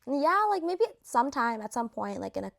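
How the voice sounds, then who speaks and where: Girl doing a nervous young woman dodging a kiss, hedgy and vague, voice on the high side. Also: very animated, normal speed, creaky, fairly bright tone, heavily acted. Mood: evasive. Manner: evasive, hedging.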